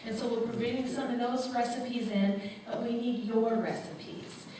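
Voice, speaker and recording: A woman's voice: on the high side, steady tone, normal speed. Woman, church announcements, enthusiastic, echoey far-off recording. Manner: bubbly, chatty, enthusiastic. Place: large church sanctuary. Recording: echoey sanctuary from far off, noisy.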